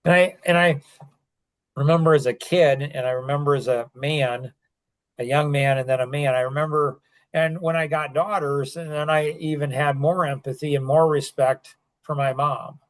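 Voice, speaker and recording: A man's voice: fairly high pitch, fairly even intonation, moderate pace. Older man, podcast host, casual rambling talk, lots of fillers, frequent restarts.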